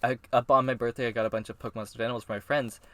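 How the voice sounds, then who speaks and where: Casual male podcast co-host, mid-pitched and bright, rambling and chatty. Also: flat delivery, racing, no room sound. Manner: chatty, rambling with many "like" fillers, laughs often. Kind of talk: casual chat.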